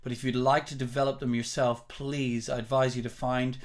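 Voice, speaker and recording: A man's voice: mid-range voice, little pitch movement, a little fast. A man teaching rock singing, explaining technique in a careful, step-by-step way. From England. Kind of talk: vocal lesson.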